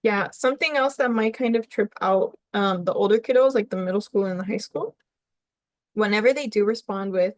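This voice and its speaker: A woman family counselor speaks to parents in an easygoing, conversational way. She keeps checking in with a quick "right?" as she explains. Her voice sits at a middling pitch and sounds dry and close, with no room around it. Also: dry recording. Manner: conversational, often tags on "right?". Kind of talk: webinar presentation for parents.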